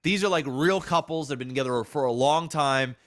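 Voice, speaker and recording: A man's voice: fairly high pitch, fairly quick. A man co-hosting a podcast, chatting casually and animatedly, swearing freely and acting out quoted lines. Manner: animated, profane, acts out quotes. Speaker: podcast co-host.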